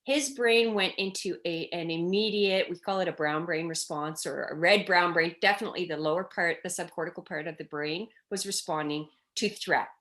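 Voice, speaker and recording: A woman's voice: lowish voice, normal speed, few pauses. A middle-aged woman, a child development expert, telling stories in a conversational interview and acting out children's cries as she goes. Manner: animated storytelling, acting out children's cries in quotes.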